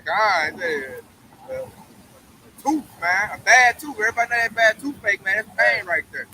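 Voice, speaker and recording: Bright high-voiced man preaching casually. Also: animated, unhurried, a little hiss or hum, poor audio. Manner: emphatic, slangy, keeps saying "man". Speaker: Bible study co-teacher.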